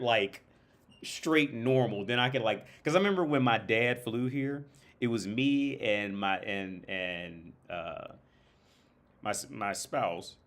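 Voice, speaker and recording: A man runs a livestream at a measured pace, his medium-pitched voice lively in intonation and slightly bright. He chats in a rambling, foul-mouthed style thick with fillers, sometimes switching into imitation British and Irish accents.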